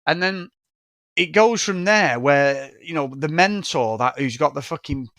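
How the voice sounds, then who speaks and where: A man with a fairly high voice chats loosely and excitably, swearing freely and breaking into laughter. The sound is dry and close, with no room around it. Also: measured pace, no room sound. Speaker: podcast co-host reviewing films. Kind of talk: casual chat.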